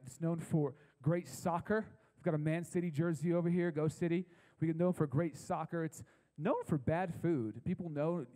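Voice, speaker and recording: Preaching to a young adult congregation at a live church service, a pastor speaks in a relaxed, conversational way, slowing to repeat key phrases for emphasis. His voice is mellow and a touch higher than most men's, and the low-quality recording has a long reverb tail.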